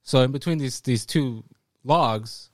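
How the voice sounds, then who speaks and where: A man's voice: mid-range voice, unhurried, no echo, studio quality. A man telling a story in a casual, laid-back, joking way. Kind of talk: casual chat.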